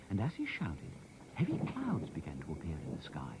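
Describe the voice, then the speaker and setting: Expressive male storybook narrator. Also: very deep voice, normal speed, background noise. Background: soft music.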